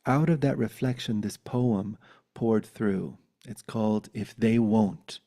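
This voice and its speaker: A man's voice: lowish voice, slow, dark tone. A man on a video call giving an earnest, contemplative spiritual talk and reciting a poem. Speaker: spiritual teacher.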